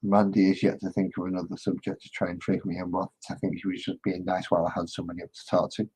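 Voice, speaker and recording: Low husky guy rambling and joking to his stream chat while painting minis. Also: little pitch movement, fast talker, warm tone, rough recording. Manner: rambling, joking, chats with viewers. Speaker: live-streaming miniature painter.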